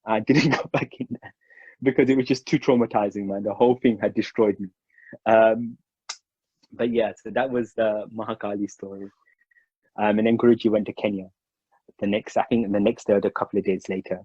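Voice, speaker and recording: A man's voice: on the low side, a little fast, breathy edge, dry recording. A man, from Mauritius, casually telling a personal story and acting out the quoted voices. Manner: animated, acts out quoted dialogue. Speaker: storyteller recounting memories. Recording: dry, slightly dull recording.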